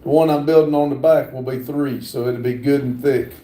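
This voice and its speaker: A man hosting a live stream, chatting casually with halting speech and many filler words. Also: medium pitch, steady tone, warm tone, roomy sound. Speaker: livestream host. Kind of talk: casual live chat, reading comments aloud.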